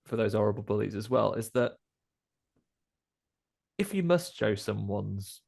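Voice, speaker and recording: A man, a podcast host, casually recapping a horror film with jokes and quick voices for the characters. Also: on the low side, expressive, creaky, a little mellow. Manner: jokey recapping, acts out characters in quick asides.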